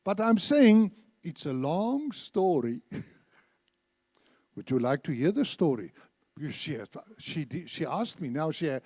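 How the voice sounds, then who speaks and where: A man in his seventies preaching a sermon in a church, an animated storyteller who acts out the dialogue. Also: high voice, no room sound, studio quality. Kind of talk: sermon with told anecdotes.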